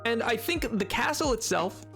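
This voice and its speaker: A man's voice: very high voice, expressive, normal speed, gravelly, a bit bright, faint music behind. A young man live-streaming a building game, rambling casually to his chat and joking at his own expense. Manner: rambling, self-mocking, talks to chat.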